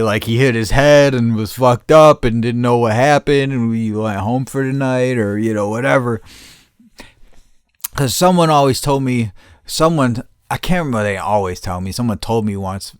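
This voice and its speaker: A man's voice: on the low side, smooth, no room sound, studio quality. A middle-aged man hosting a podcast, telling a story casually and profanely and laughing often. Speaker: podcast host.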